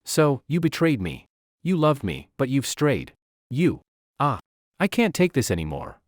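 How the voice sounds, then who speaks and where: A man's voice: medium pitch, wildly swooping pitch, unhurried, dry recording, clean studio sound, pitched above the performer's own voice. A man voicing an obsessive, lovestruck young woman with fire powers, talking in a clingy, possessive way. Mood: cold. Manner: clingy, pleading then coldly possessive.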